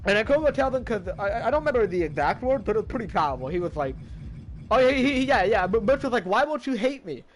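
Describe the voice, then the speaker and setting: A man's voice: high-pitched, very animated, fast talker, a little hiss or hum. A man streaming a game, casually recapping its story in a rambling way, restarting sentences and swearing now and then.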